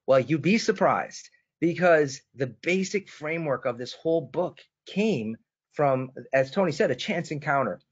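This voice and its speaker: A man's voice: fairly high pitch, animated, measured pace, breathy edge. A man from Boston presenting a sales webinar, telling a story with enthusiasm and turning to his co-host by name. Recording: dull lo-fi webinar audio.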